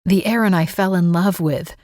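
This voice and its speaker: A man's voice: high-pitched, steady tone, moderate pace, darkish tone, no echo, studio quality, close to an everyday voice. A woman voicing a young man, an affectionate groom, in a romance audiobook. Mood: tender. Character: loving, eager young groom.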